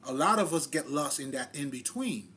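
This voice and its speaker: A man's voice: fairly high pitch, lively intonation, normal speed, a bit bright, slight background noise. A man giving a loose, casual spiritual monologue in street slang, swearing freely and often laughing at himself. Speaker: spiritual vlogger.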